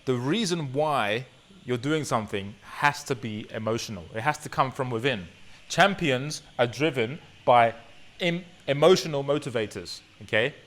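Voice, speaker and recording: A man's voice: medium pitch, animated, moderate pace, fairly bright tone. A young man, a fitness coach, delivering an emphatic motivational course lesson and often checking in with "right?". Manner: earnest and emphatic, with frequent "right?" tag questions.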